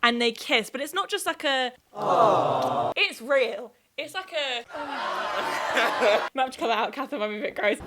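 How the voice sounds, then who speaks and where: A woman's voice: high-pitched, animated, unhurried, pauses often, very noisy. A young woman casually recapping a TV series, sarcastic and laughing often. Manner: chatty, sarcastic, laughs often, acts out quotes. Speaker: YouTube host recapping a TV series. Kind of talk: casual chat.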